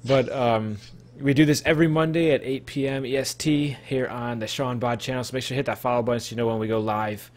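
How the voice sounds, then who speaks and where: Male podcast host, average pitch, loose rambling delivery over a call mic. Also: steady tone, fast talker, few pauses. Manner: rambling, self-correcting. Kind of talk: casual live-stream chat.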